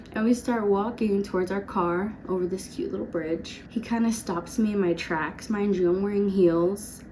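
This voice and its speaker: A woman in her twenties tells a story in a casual vlog, chatty and animated, full of fillers like "like" and quick laughs. Her voice is mid-range, with a faint hiss in the background.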